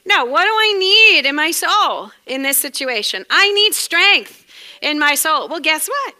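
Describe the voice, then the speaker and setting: Bright-voiced New England woman preaching. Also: sits high, measured pace. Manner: warm, chatty, laughs often, lively exclamations. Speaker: Bible teacher. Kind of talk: sermon.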